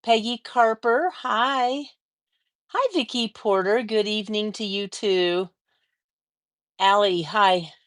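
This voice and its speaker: An unhurried woman hosts a casual livestream from her home quilting studio. She chats along at a medium pitch, greets each viewer by name and sometimes sings out a greeting. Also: fairly bright tone. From American Mountain West. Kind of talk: casual live-stream chat greeting viewers.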